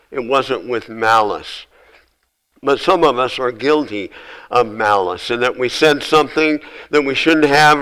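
A man preaching a sermon as pastor, repeating short commands and swinging between loud exhortation and quiet asides. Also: medium pitch, rough recording.

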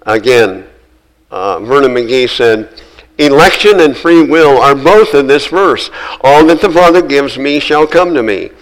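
A man preaching a sermon, earnest and emphatic, repeating phrases and slowing down to stress key words. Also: mid-range voice, low-quality recording.

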